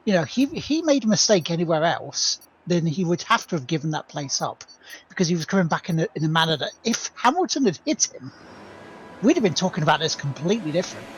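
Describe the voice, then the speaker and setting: High-voiced man arguing his point. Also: very animated, quick pace, a little hiss or hum, poor audio. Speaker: podcast co-host. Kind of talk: casual chat.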